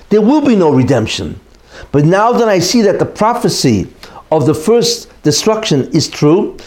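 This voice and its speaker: Animated man teaching with rhetorical questions. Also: high voice. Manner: emphatic, asks rhetorical questions and answers them; repeats key points for emphasis. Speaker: religious teacher. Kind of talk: expository Torah lesson.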